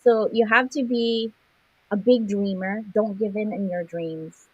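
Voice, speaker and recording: A middle-aged woman from the Philippines, telling a personal childhood story in an animated way and acting out the quotes. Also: mid-range voice, a little slow, husky, dry recording, lo-fi sound. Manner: animated, acts out quotes, laughs. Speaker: guest sharing a life story.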